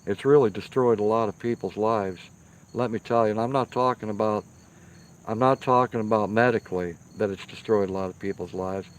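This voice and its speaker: A man's voice: fairly low pitch, a little fast. A man chatting casually with his live-stream viewers from outdoors by a firepit, emphatic and repeating himself for stress. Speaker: live-stream host reading viewer comments.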